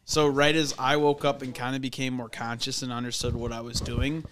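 A man's voice: medium pitch, little pitch movement, fairly quick. Young man telling a story, loose and profane. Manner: loose, profane, filler-heavy. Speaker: podcast guest. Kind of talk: casual storytelling. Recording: audible background noise.

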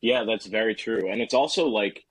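A man chatting as a podcast guest, relaxed and rambling with lots of filler words. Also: lowish voice, normal speed, slightly rough, no room sound. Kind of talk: casual podcast chat.

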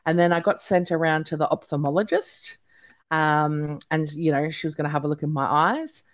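A woman in her thirties from Australia, telling her story as an interview guest, chatty and animated, with many "like"s and "you know"s. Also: low voice, moderate pace.

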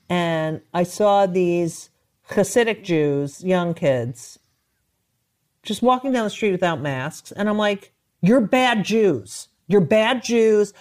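A woman comedian in casual chat, ranting with heavy swearing and animated outbursts. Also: mid-range voice.

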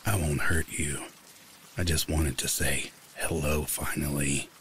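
A man voicing a menacing stranger with a low, scratchy voice, speaking slowly and quietly. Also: fairly even intonation.

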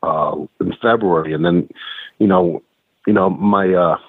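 A man's voice: low-pitched, unhurried, breathy edge, dry recording. A middle-aged man, a guest calling in by phone, telling stories in chatty casual talk with many restarts. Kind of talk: casual interview chat. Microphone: phone call. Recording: muffled phone line.

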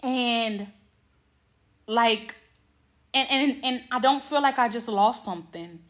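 A woman's voice: on the high side, slow, fairly bright tone. A woman hosting her own podcast, telling a personal story in a candid, profane, casual monologue and acting out the dialogue. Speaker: podcast host.

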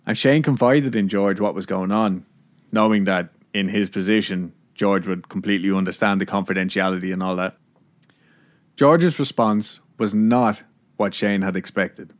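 A man hosting a podcast, casually narrating a story with laughs and swearing. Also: on the low side. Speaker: podcast host.

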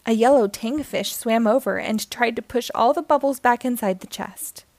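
A woman reading a children's picture book aloud in a gentle storytelling manner. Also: fairly high pitch, normal speed, dry recording.

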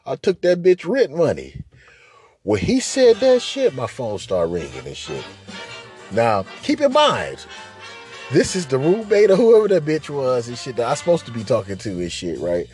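A man telling a profane, animated story in casual slang, laughing as he goes. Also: on the high side, moderate pace, soft background music. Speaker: podcast host.

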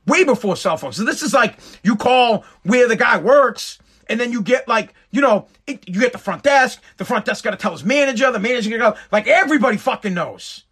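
A man's voice: very high-pitched, animated, fairly quick, hardly any pauses, a bit bright, husky. A man telling an exasperated, profane stand-up story. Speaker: stand-up comedian.

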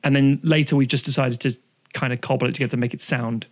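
A man's voice: mid-range voice, steady tone, quick pace. A man, co-hosting a casual podcast chat, rambling through long digressions and swearing freely. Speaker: podcast co-host.

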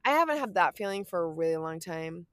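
Young woman cohost, lowish voice, dry close mic, chatty animated storytelling w lots of likes. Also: fast talker, dry recording. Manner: animated, filler-heavy storytelling. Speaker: podcast co-host. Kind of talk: casual storytelling chat.

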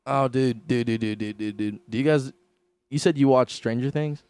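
A man's voice: mid-range voice, normal speed, darkish tone, clear, resonant tone, dry recording. A man from Canada with a Southern US accent, hosting a casual podcast chat in a crude, swearing, rambling way. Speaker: podcast host.

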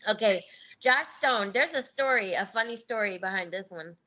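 A woman's voice: mid-range voice, moderate pace, bright, forceful tone. A middle-aged woman telling candid stories as a podcast guest, laughing often and acting out what others said. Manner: candid, laughing, acts out quoted voices. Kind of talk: casual interview storytelling.

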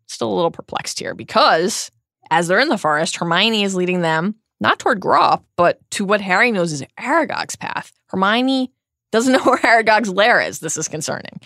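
A woman's voice: fairly low pitch, gravelly, fairly bright tone, dry recording, clean studio sound. A woman hosting a book podcast, retelling chapters and reading quotes aloud with wry asides. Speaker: podcast host. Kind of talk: book discussion podcast with read-aloud passages.

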